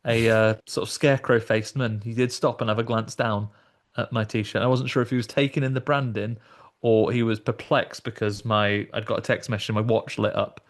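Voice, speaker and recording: Animated man telling a story. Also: on the low side, fairly quick. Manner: animated storytelling, acts out voices. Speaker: podcast host. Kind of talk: casual chat.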